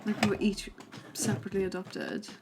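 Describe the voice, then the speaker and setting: A young woman with a Welsh accent, co-hosting a casual chat and spinning playful, animated stories. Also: mid-range voice, fairly quick, gravelly, noisy background. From Wales. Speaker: co-host.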